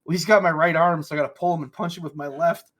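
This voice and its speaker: A man co-hosting a casual podcast chat, who swears freely and laughs through animated stories. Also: on the high side, rapid-fire. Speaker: podcast co-host.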